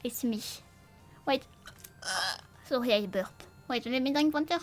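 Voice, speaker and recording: On a late-night stream with faint music in the background, a high-pitched vtuber speaks slowly and drowsily, yawning between words. She's goofy and rambling, tossing out nonsense rhymes while counting dumbbell reps aloud.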